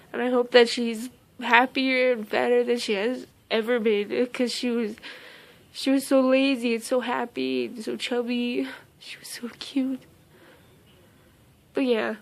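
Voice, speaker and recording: A young woman vlogger, emotional and near tears, talks in a halting way full of fillers and restarts. Her voice sits a bit high with a gravelly fry running through it. She stays on a flat, narrow tone. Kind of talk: casual storytime vlog.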